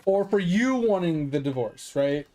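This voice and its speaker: A man's voice: high-pitched, lively intonation, a little slow, dark tone. A man streaming a game and chatting casually, rambling through stories and swearing freely. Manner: rambling, chuckling storyteller who swears freely. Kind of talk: casual chat while gaming.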